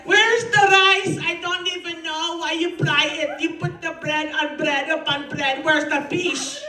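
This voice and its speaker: A woman's voice: extremely high pitch, fairly even intonation, unhurried, pushed and bright, slight background noise, pitched above the performer's own voice, full character voice. Woman putting on an exasperated older immigrant mother. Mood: indignant. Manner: exasperated, complaining. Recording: roomy club, distant mic, audience.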